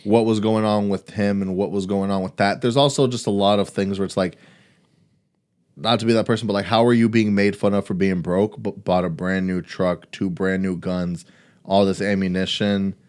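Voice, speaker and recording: Low smooth-voiced man, casual podcast talk. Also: steady tone, normal speed, a little mellow. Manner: conversational, builds points with rhetorical questions. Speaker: podcast co-host.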